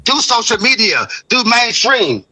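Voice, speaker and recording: A man's voice: very high voice, very animated, a little slow, bright, forceful tone, slightly rough, poor audio. A man arguing heatedly in a live stream debate, confrontational and profane, repeating himself. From Oregon, USA. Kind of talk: heated argument.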